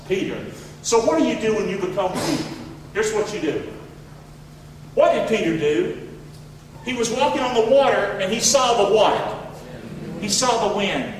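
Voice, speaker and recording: A man's voice: high voice, lively intonation, normal speed, long pauses, far from the mic, slight background noise. Fervent preaching man in an echoey hall. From rural area. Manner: fervent, repetitive preaching with rhetorical questions. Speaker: pastor. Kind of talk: sermon.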